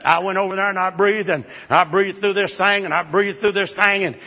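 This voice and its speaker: A man's voice: sits high, steady tone, fairly quick, sharp tone, lo-fi sound. A man in his seventies preaching a sermon in a folksy, chuckling way, calling out to the congregation. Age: 70s.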